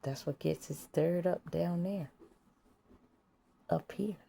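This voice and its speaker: A woman delivers a casual spiritual monologue in a low, gravelly, mellow voice. She speaks slowly and bluntly, swears freely, and sometimes drops to a whisper. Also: a little hiss or hum. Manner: blunt, profane, laughs at her own jokes. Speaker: vlogger.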